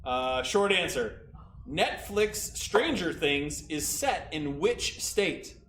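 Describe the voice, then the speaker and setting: A somewhat high-voiced man hosts a relaxed trivia night, reading each question and answer aloud and joking with his co-host between them. The room is echoey, and faint noise sits underneath his voice. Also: slow. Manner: reads questions and answers, banters and teases. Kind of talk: casual livestream trivia hosting.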